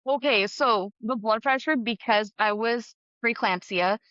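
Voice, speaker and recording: A woman's voice: fairly high pitch, measured pace, a bit bright, clean tone. A woman speaks as a guest on a podcast, talking openly and with feeling, often with "um" and "you know". The audio sounds muffled and lo-fi. There is no room echo around her voice. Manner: candid and emotional, with frequent fillers and laughs. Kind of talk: casual conversation.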